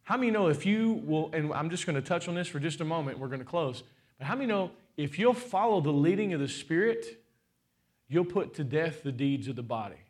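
A man in his forties preaching a sermon as pastor, asking the crowd rhetorical questions with lively swings in pitch and loudness and playful asides. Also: fairly quick. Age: 40s.

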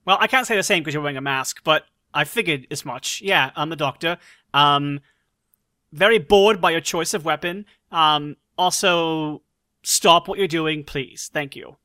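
A man's voice: on the high side, moderate pace, pushed and bright, dry recording. A man playing his character in a tabletop role-playing game, breezy and lightly sarcastic. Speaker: player voicing the Doctor. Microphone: remote recording.

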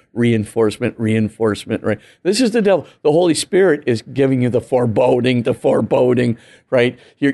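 A man's voice: mid-range voice, gravelly, a little mellow. A man, a priest, explaining earnestly and emphatically in an interview, full of "you know" and "right?" asides. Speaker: priest and guest author. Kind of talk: animated teaching talk in an interview.

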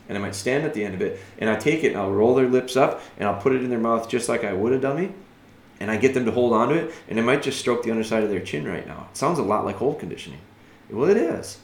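A man giving patient, earnest dog-training advice as a podcast host, thinking aloud and dropping soft and slow when he models calm commands. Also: fairly low pitch, echoey room. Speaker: dog trainer answering a listener.

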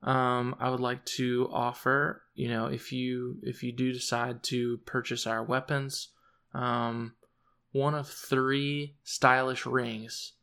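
Guy at a tabletop game, gravelly and flat, lots of ums. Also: mid-range voice, takes it slowly. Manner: hesitant, many fillers. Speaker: player. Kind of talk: casual chat.

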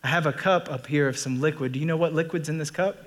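A man preaching a sermon as pastor, animated and folksy, often repeating phrases and joking with the congregation. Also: a little high, fast talker.

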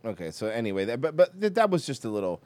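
Animated, ranting male podcast host. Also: mid-range voice, fast, no echo. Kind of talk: casual chat, reacting to clips.

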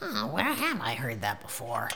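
A woman voicing a lazy young servant who grumbles and drawls with a gravelly voice. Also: extremely low pitch, huge pitch swings, normal speed, sharp tone, exaggerated voice. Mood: grumbling. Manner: sulky and drawling.

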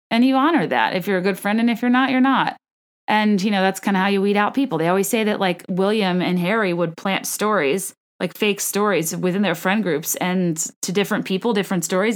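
Rambling, chatty woman podcast host. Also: mid-range voice. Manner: chatty and rambling, many asides and restarts. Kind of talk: solo celebrity gossip chat.

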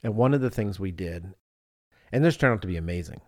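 A man's voice: low voice, expressive, fairly quick, dry recording, studio quality. A man in his thirties, a podcast co-host, telling a travel story in casual chat and slipping into voices of the people in it.

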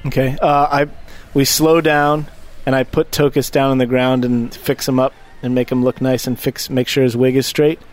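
A man's voice: medium pitch, level tone, normal speed. A man playing a tabletop role-playing game, chatting playfully and laughing often. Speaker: player. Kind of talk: casual tabletop game chat.

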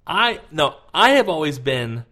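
A man's voice: on the high side, very animated, a little slow, bright, forceful tone. A man talking as a podcast co-host in casual chat, rambling and full of fillers as he tells stories. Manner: rambling, filler-heavy storytelling.

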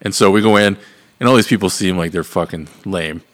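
A man's voice: low voice, fairly quick, a bit bright. A man co-hosting a podcast, telling a rambling, profane story with laughs in a casual chat. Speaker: podcast co-host.

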